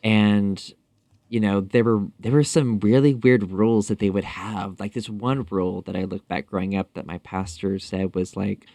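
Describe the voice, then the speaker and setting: A man's voice: on the low side, fairly even intonation, warm tone, no echo. A man speaking as a podcast guest in a casual interview, talking thoughtfully with frequent fillers and restarts. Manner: thoughtful, halting, many fillers.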